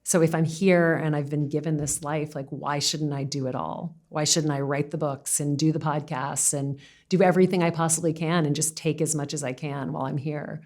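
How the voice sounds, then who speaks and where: A woman's voice: low-pitched, fairly even intonation, moderate pace, few pauses, darkish tone. A woman, a podcast guest reflecting earnestly in casual conversation and laughing often.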